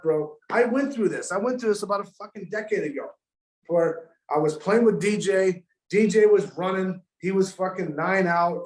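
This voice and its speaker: A high-pitched man tells a story in loose, profane, animated podcast talk. His voice rings a little in a roomy space. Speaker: pro golfer guest. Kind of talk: casual podcast chat.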